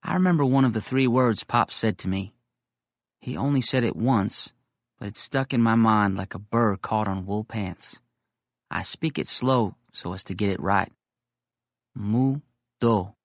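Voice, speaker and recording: A man reading a novel aloud in first person, with steady, measured storytelling. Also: lowish voice, no room sound, highs cut off. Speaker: audiobook reader.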